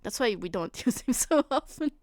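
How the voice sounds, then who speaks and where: A woman's voice: on the high side, lively intonation, normal speed, no echo, clean studio sound. A woman streamer chatting casually on a live stream, giggling and asking incredulous questions.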